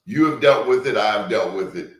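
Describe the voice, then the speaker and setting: Male interview host, emphatic and deliberate, recorded with noticeable room echo. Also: fairly low pitch. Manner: emphatic, deliberate, repeats words for stress. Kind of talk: hard-hitting interview. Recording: roomy echo.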